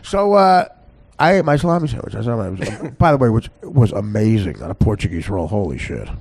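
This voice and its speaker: A man's voice: lowish voice, big pitch swings, brisk, a little mellow, slightly rough, dry recording. A podcast host telling a comic story in a rambling way, often laughing at his own tale.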